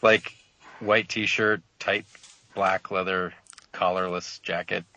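A man's voice: sits low, flat delivery, slow, sharp tone. A man co-hosting a casual sports podcast, rambling and hesitant with frequent restarts. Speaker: podcast co-host. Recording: dull lo-fi, dry sound.

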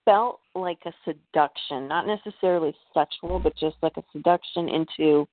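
A woman's voice: low-pitched, normal speed, no echo. A woman as a podcast guest, telling a personal story in a hesitant way, full of fillers and restarts. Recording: tinny phone-like line.

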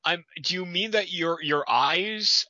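Slow, bright-voiced sarcastic man. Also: high voice, no room sound, lo-fi sound. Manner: sarcastic, incredulous, swears. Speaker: co-host reading a fan story. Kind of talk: comedic reading and riffing.

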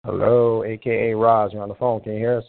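Low-voiced guy hosting a call-in show, rambly and casual, tinny phone sound. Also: little pitch movement, a little fast, vocal fry, dry recording. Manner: rambling and loose, restarts often while troubleshooting callers. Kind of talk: casual live call-in chat.

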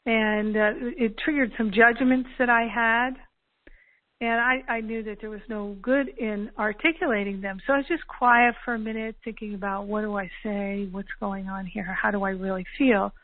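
A woman telling personal stories calmly and earnestly, acting out the dialogue as she goes. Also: mid-range voice, moderate pace. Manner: calm, earnest, acts out quoted dialogue. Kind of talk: reflective personal storytelling. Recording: narrow phone-like audio.

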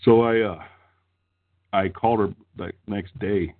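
A man's voice: lowish voice, steady tone, unhurried. A middle-aged man telling a crude, rambling story in casual chat, swearing freely and laughing as he goes. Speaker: storyteller on a podcast. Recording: tinny phone-like line, husky.

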